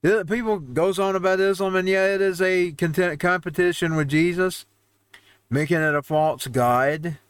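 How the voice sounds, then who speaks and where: A man's voice: high-pitched, moderate pace, smooth, no room sound. A man hosting a home-made show, ranting over news headlines in a heated, rambling way with frequent restarts. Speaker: host. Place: home newsroom studio.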